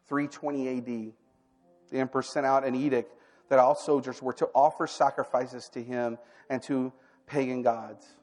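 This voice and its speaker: A man preaching a sermon, telling personal stories and acting out the dialogue with lively energy. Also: mid-range voice. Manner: animated storytelling, acting out quoted dialogue.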